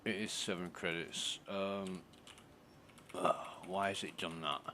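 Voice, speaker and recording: A man's voice: sits low, steady tone, slow, bright, forceful tone, a little hiss or hum. Muttering man streaming a game. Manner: muttering, swearing, thinking aloud. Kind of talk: casual gameplay commentary.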